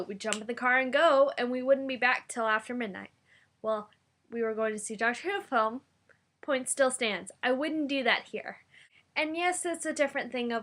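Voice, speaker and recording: A young American woman talks casually to her camera, bubbly and chatty. Her voice sits a little high and rings bright and sharp, and her volume rises and falls as she talks. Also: brisk. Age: young adult. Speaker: vlogger. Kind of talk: casual vlog chat.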